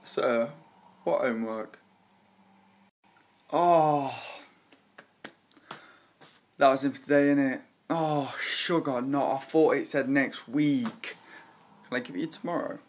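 A man's voice: medium pitch, slow, long pauses, a little hiss or hum. Flustered young man. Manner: flustered, rambling excuses. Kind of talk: comedy sketch.

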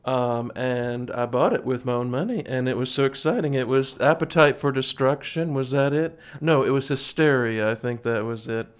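A man's voice: medium pitch, normal speed, few pauses, clear, resonant tone. A man in his forties hosting a music livestream, chatting casually between songs in a folksy, rambling way and calling his viewers folks. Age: 40s.

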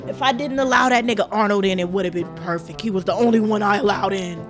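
A young woman streaming a game live, reacting loudly and profanely with casual commentary. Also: medium pitch, a little fast, few pauses, soft background music.

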